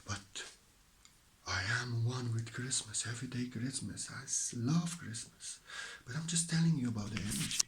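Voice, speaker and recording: A man speaks as a spiritual teacher at home, his pitch sitting in the middle range for a man. His delivery is slow and meditative, often sinking into soft whispers before rising again. His accent is a blend picked up from living around the world, and a faint hiss sits under the recording. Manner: slow, meditative, drifting between whispers and fuller voice. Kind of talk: spiritual talk to camera. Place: at home beside his stove.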